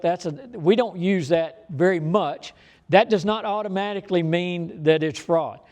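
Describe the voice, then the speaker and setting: Man, folksy presenter to a room of business owners, emphatic and repetitive, a touch high in pitch. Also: darkish tone. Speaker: bank fraud manager presenting to business owners. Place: meeting room before an audience.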